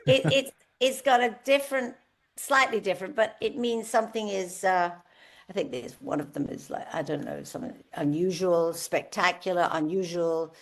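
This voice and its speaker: A woman's voice: on the low side, normal speed. A woman in her seventies, a guest singer telling stories in a candid podcast interview and acting out the people she quotes. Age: 70s. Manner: lively storyteller, acts out quoted voices.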